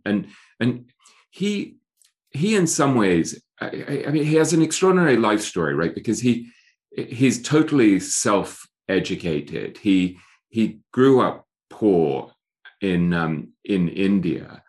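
Deep voice guy talking about his book in an interview, thinks out loud, lots of restarts. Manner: thoughtful, with frequent restarts. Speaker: author guest. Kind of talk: interview conversation.

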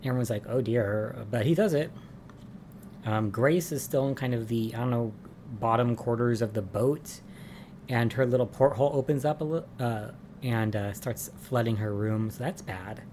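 A man's voice: medium pitch, normal speed, a little mellow, slight background noise. A man giving a casual, chatty recap of soap opera episodes, with lots of "um" and "like" and amused asides.

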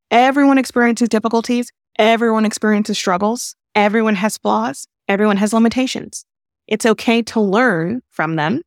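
A woman therapist hosting a podcast, calmly explaining advice in an earnest way. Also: on the high side, no echo, studio quality. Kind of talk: advice talk.

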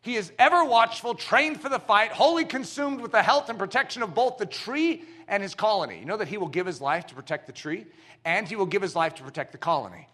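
Animated, high-voiced male preacher. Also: a little fast. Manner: animated, playful and emphatic. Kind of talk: sermon.

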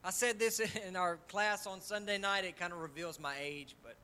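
Man, pastor, high bright voice, passionate sermon delivery in a church. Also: fairly even intonation, normal speed, clean tone. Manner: impassioned, personal testimony, swings loud and soft. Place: church sanctuary.

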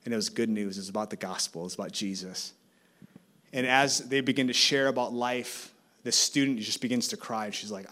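A man's voice: on the low side, moderate pace. A male campus ministry guest speaker giving a sermon in a church, telling stories and building to an urgent call. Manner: animated, rising to urgent exhortation. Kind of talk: sermon with storytelling. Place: church service.

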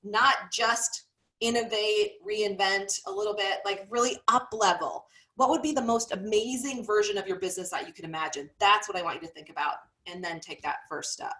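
A woman's voice: medium pitch, fairly even intonation, fairly quick, a bit bright. Motivational woman coach asking the audience questions. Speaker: business coach and author. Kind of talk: casual business chat.

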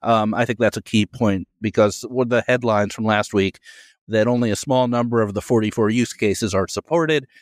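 A man hosting a podcast, summing up points in a brisk, plain-spoken way. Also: lowish voice, dry recording, studio quality. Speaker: podcast host. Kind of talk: casual interview chat.

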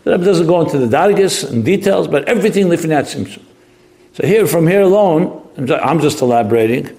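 A man's voice: fairly high pitch, animated, brisk, dark tone. A man teaching a text study lesson, thinking aloud with restarts and mixing in Hebrew terms. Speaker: Torah teacher. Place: study hall classroom.

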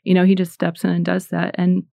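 A woman's voice: fairly low pitch, monotone, fairly quick, creaky, dark tone, dry recording. A middle-aged woman from the United States giving a casual, earnest faith talk, chatty and full of fillers. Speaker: Christian speaker.

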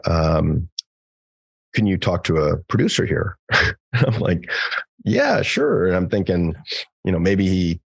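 Husky deep-voiced man telling stories. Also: a little slow, pauses often, no echo. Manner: animated storyteller acting out quoted dialogue; frequent fillers and restarts, casual swearing. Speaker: psychologist guest. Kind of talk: conversational podcast storytelling.

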